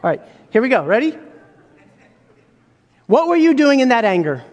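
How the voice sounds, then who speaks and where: A man preaches with a strikingly high voice, talking to his congregation casually and firing rhetorical questions at them. His voice rings out with the long reverb of a large hall. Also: very animated, normal speed. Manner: conversational, rhetorical questions, acts out quoted voices. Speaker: pastor. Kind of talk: sermon.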